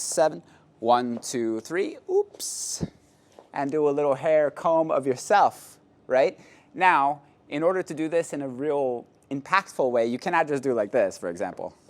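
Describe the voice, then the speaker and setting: A man's voice: a little high, animated, moderate pace, a little hiss or hum. Playful male salsa instructor counting steps. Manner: playful, counts steps aloud, jokes and laughs. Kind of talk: dance class instruction.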